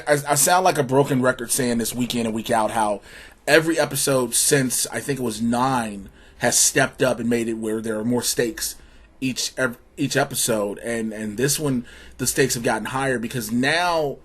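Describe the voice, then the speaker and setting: A man's voice: medium pitch, fairly bright tone, slightly rough. A man co-hosting a casual review chat who speaks earnestly and emotionally about the episode, in a loose and casual way. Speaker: show co-host.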